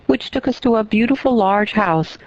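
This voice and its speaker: An excitable little girl with a French accent, put on by a woman reader chatters on without pause. The storybook recording is dry and slightly dull. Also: fairly high pitch, no echo, natural voice. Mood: chattering.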